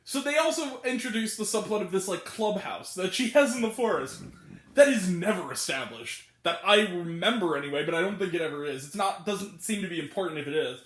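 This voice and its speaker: A woman's voice: on the low side, animated, brisk, reverberant. A woman reviewing a movie in a casual rant, incredulous, often laughing and swearing freely. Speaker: film reviewer.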